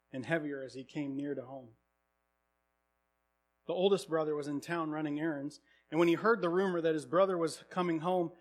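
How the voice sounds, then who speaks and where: A preacher telling a story to his listeners in a dramatic, expressive way. His voice is high for a man, and he leans into each moment of the tale. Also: slight background noise. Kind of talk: sermon storytelling.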